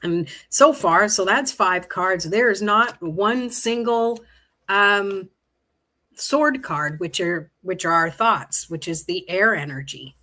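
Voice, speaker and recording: A middle-aged woman from Canada talks through a live tarot reading at a relaxed, slow pace. Her voice is bright and clear. She drifts easily between the cards and the viewers' comments, laughing often. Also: mid-range voice. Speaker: tarot livestream host. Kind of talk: casual live-stream chat while reading tarot cards.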